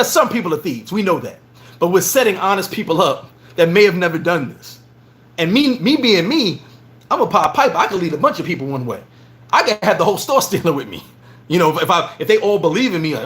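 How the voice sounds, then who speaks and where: A middle-aged man with a rather high voice tells stories on his vlog. He talks in a loose, animated way, often doubling words as he goes along. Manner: animated, repeats words while telling stories. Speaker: vlogger. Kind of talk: casual storytelling monologue.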